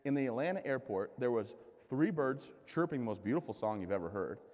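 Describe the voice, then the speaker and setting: A man's voice: medium pitch, brisk. Man telling joking stories in a hall. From United States. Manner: joking, self-deprecating, lively quoted voices. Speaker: keynote speaker. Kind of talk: comedic storytelling speech. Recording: reverberant hall.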